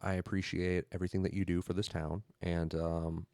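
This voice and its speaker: A man's voice: low voice, little pitch movement, fairly quick, darkish tone, dry recording. A man playing a tabletop game, speaking in character with a formal, mock-polite interviewer manner. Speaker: player.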